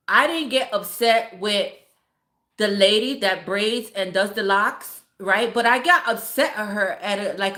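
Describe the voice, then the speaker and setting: A woman's voice: fairly high pitch, reverberant. A woman casually telling a story to her live viewers, swearing freely and laughing as she goes. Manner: profane, laughing, animated storytelling. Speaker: streamer.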